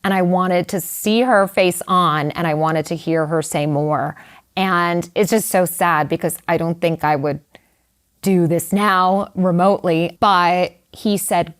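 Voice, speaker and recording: Chatty woman, lowish voice. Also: a little slow. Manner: candid, animated, many "like" and "you know" fillers. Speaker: guest writer. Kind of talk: conversational storytelling.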